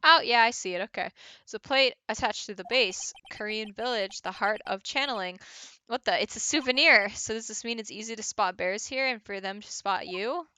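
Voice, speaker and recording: A woman's voice: fairly high pitch, moderate pace, pushed and bright, clear, resonant tone, no room sound. A woman streaming a game from home, chatting casually with viewers and reading game text aloud with little laughs.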